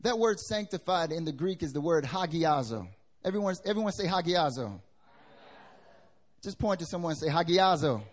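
A young man preaches from the pulpit in a fairly high voice. He swings from loud bursts to soft asides and drops into casual slang to address the congregation. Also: moderate pace. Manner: lively preaching with wide swings in pitch and loudness, casual slang. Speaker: pastor. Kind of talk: sermon. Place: church hall with congregation.

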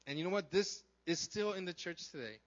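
A man preaching a sermon in a casual, animated way, asking his listeners questions and acting out the characters. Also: high voice, brisk, highs cut off. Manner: animated, conversational, acts out characters, asks the crowd questions. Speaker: pastor.

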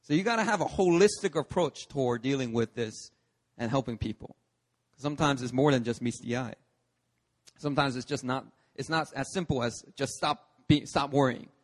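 A man's voice: mid-range voice, moderate pace. A man, a pastor, preaching a sermon in an emphatic, storytelling manner at a church service. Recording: long reverb of a church hall.

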